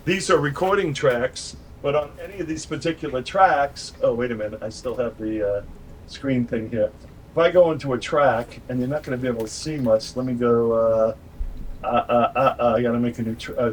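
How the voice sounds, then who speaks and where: An older man from New York, a musician guest in a home studio full of gear, telling animated, rambling stories with many restarts over a video call. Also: medium pitch, slight background noise.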